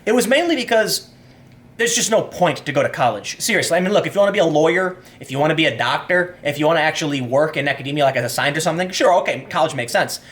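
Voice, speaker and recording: A young man hosting an opinionated commentary monologue, animated and acting out the people in his stories, then reading news quotes aloud. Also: a little high. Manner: reads news quotes aloud between rants. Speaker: commentary host.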